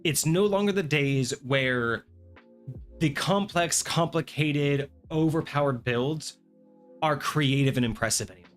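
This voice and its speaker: A man hosting a tabletop gaming talk show, ranting in a casual, animated way and swearing freely. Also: fairly high pitch, a little slow, faint music behind. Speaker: podcast host. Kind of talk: casual chat.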